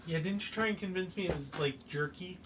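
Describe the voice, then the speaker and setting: Teasing game master over loud noise. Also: mid-range voice, a little fast. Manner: teasing, playfully exasperated. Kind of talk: casual chat.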